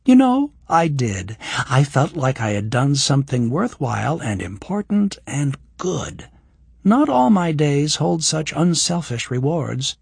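A man voicing a frank, wry young woman healer in an audiobook, his voice lifted higher for her. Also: a little slow, vocal fry, breathy edge, dry recording, full character voice. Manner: raised voice for a woman, expressive.

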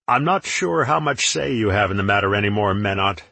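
A man doing a stern chieftain with a low voice. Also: lively intonation, creaky, sharp tone, no room sound, full character voice. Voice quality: stern, measured. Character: commanding male chieftain, stern.

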